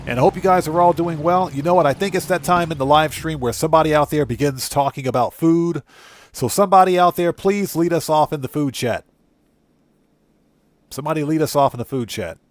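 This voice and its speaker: A man streaming a video game, chatting casually and excitably with his viewers. His voice sits a little high for a man. The sound is dry and close, with no room echo. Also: fairly quick. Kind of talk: casual live-stream chat. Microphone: streaming setup microphone.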